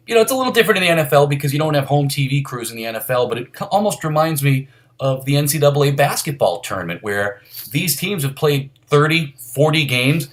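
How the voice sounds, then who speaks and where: A man co-hosting a casual sports podcast, telling stories and thinking aloud with many fillers. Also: medium pitch. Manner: storytelling, reflective, filler-heavy. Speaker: podcast co-host.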